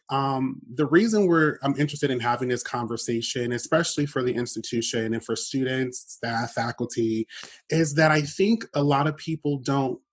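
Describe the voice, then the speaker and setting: A man hosting a casual podcast interview, talking loosely with fillers and self-corrections. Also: medium pitch. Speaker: podcast host.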